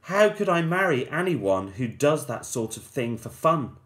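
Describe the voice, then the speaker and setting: A man voicing young Cinderella in a high, squeaky falsetto while reading a rhyming story aloud. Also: sing-song, measured pace, a bit bright. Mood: earnest. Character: young woman Cinderella, sharp-tongued.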